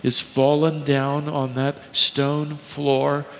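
A man preaching a sermon, dramatic, swinging between quiet and loud delivery. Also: fairly high pitch, completely flat delivery, very slow, slight background noise. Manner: dramatic preaching with sharp swings in volume and pace. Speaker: pastor. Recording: echoey hall with long reverb.

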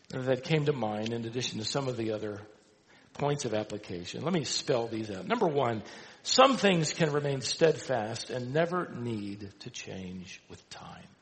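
A man's voice: mid-range voice, a bit bright, in a large hall, poor audio. A man pastor preaching a sermon, driving his points home with emphatic repetition and light asides. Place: church sanctuary.

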